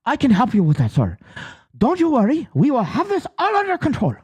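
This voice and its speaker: A man's voice: huge pitch swings, a little fast, darkish tone, breathy edge, heavily acted. A man putting on an eager Chinese factory rep with a mock Chinese accent. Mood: obliging. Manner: overly polite, reassuring, higher put-on voice. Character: male Chinese factory rep on a phone call, eager and obliging.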